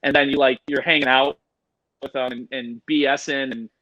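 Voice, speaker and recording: A man telling animal-handling stories in a casual, animated, profane way. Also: medium pitch, normal speed, dry recording, highs cut off. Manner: animated, profane, acts out quotes.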